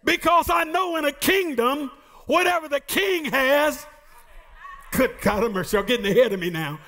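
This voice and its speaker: With a very high, expressive voice at normal speed, a male pastor preaches by shouting and half singing. He makes playful asides to the congregation along the way.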